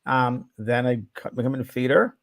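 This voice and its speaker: Relaxed man speaking in a dry room. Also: medium pitch, moderate pace, gravelly, no room sound. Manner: relaxed, rambling, full of filler words. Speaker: co-host, psychic medium. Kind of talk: casual chat.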